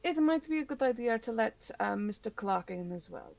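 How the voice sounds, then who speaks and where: A woman's voice: a little high, lively intonation, moderate pace, creaky, a little mellow, poor audio. A woman voicing a young-looking female fortune teller in an attempted New Orleans accent, drawing out her lines theatrically. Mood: mysterious. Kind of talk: tabletop game role-play.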